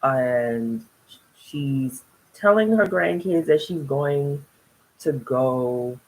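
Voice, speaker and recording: A woman's voice: extremely low pitch, drawn-out words, darkish tone, low-quality recording. A young woman casually recapping a reality TV episode, chatty and rambling, often laughing between thoughts. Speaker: TV reality show reviewer.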